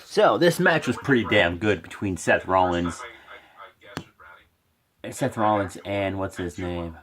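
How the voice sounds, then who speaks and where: A man giving a casual, rambling recap of a wrestling show, excitable and swearing freely. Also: low voice, takes it slowly.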